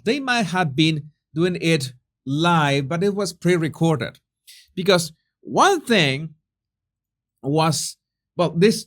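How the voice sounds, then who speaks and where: A man's voice: fairly high pitch, fairly bright tone. A man giving a sarcastic, profane commentary monologue, often restarting his sentences. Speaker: commentary channel host.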